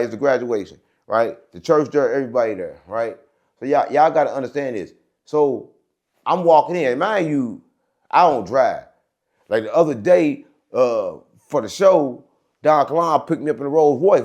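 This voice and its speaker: A man hosting his own show, telling a rambling story in a casual monologue and checking in with his audience as he goes. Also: medium pitch. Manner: rambling, repeats "right?" and "gang", animated. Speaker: show host.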